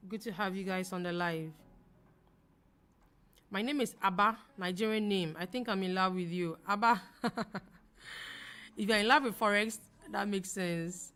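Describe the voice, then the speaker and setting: A young woman from Ghana hosting a live trading stream, talking fast as she reads viewer comments aloud and answers them. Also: mid-range voice, fairly bright tone. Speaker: forex trading livestream host. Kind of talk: casual livestream chat reading viewer comments.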